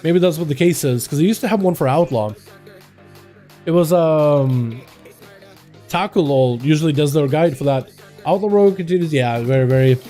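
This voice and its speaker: A man streaming live, commentating game duels in an excitable, chatty way and talking to his chat. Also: on the high side, moderate pace, long pauses, faint music behind.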